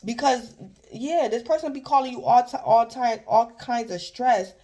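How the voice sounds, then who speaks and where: A woman's voice: on the high side, moderate pace, dark tone. Woman, casual tarot reading, rambling, repetitive, talks straight to the viewer. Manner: rambling, repeats herself, keeps addressing the listener by star sign. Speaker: tarot reader.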